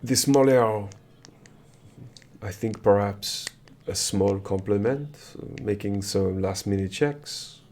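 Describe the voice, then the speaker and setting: A man voicing a charming, courteous prince who drops in French words, speaking in his own low voice. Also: slow, darkish tone, a little hiss or hum. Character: gracious, charming young male prince.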